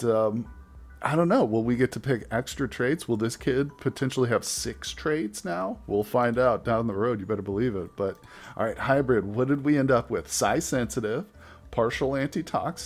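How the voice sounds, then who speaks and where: Chatty male gameplay commentator. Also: lowish voice. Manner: chatty, thinking aloud with quick reactions. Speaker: let's play host.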